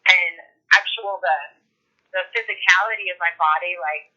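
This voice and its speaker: A woman's voice: lowish voice, moderate pace, sharp tone, lo-fi sound. A woman client talking about her week in a chatty, rambling way, full of "like" and "you know". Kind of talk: casual chat.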